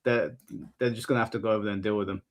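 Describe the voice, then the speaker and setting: A man's voice: fairly low pitch, fairly even intonation, rapid-fire. Rambling man telling a story. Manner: rambling storyteller, swears, repeats words. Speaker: streamer host. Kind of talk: casual chat reading super chats.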